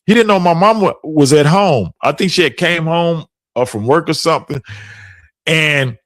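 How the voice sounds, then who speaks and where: Middle-aged male podcast host, lively storyteller with a fairly high voice who laughs a lot, dry close sound. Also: normal speed, no room sound. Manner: animated, laughs often while telling stories. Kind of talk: casual storytelling chat.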